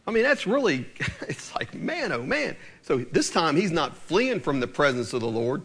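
A man's voice: moderate pace, creaky, husky. A man preaching a sermon, acting out the people in the story as he goes. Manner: animated preaching, acting out voices with swings of pitch. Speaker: pastor.

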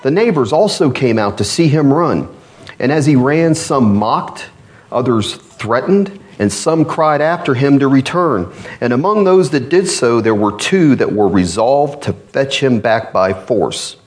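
A man's voice: animated, a little slow. A man preaching a sermon, reading an old allegory aloud with dramatic rises on the characters' cries. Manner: reads old-fashioned text dramatically, rising pitch on cries.

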